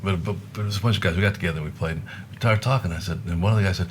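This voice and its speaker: Low-voiced older man telling stories. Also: very fast, few pauses, a little hiss or hum. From Buffalo, New York, USA. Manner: rambling anecdotes, acting out quoted voices with laughs. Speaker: guest musician. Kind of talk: casual storytelling.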